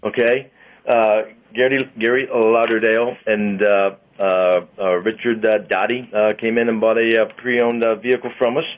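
A man hosting a radio segment, chatting in a rambling way with many pauses and fillers. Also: lowish voice, little pitch movement. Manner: rambling, lots of uhs, chatty. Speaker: radio host and car dealer. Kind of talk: casual radio banter. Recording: dull lo-fi radio sound.

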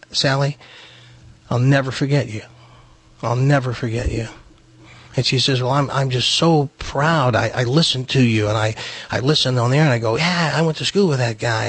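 A man's voice: mid-range voice, creaky, husky, no room sound. A man from Tennessee hosting a radio talk show, telling a personal story and acting out the voices in it. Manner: animated storyteller acting out quoted dialogue. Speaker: radio host.

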